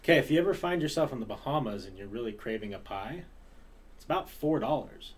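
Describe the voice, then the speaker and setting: Jokey man with a lively voice. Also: medium pitch, fast talker. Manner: laughs often, tells jokes with a grin. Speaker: podcast co-host. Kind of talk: casual chat.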